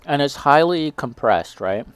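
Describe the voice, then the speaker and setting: A man's voice: a little high, animated, unhurried, clear, resonant tone, no room sound. Young man, casual snack-review host, chatty and self-deprecating, light music in the background. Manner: chatty, self-deprecating, reacting while eating. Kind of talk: casual snack tasting chat.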